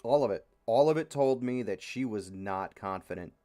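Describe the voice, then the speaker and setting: A man's voice: lowish voice, expressive, normal speed, mellow. A young man hosting a casual podcast, rambling and frustrated, with many fillers and free swearing. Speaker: podcast host. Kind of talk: casual opinionated chat.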